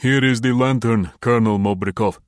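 A man's voice: medium pitch, brisk, no room sound, clean studio sound, pitched above the performer's own voice, natural voice. A man voicing a respectful male prison orderly in an audiobook.

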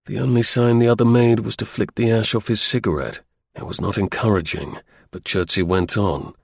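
A man narrating a novel in an even, measured storytelling manner. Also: on the low side, gravelly, breathy edge, no room sound, clean studio sound. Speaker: audiobook narrator. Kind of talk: scripted narration.

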